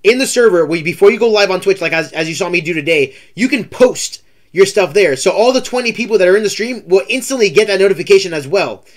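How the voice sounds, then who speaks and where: High-voiced man as a rambling livestream host at a desk mic. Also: expressive, fast. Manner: talkative, rambling, repeats himself. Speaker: streamer host. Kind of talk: casual livestream interview.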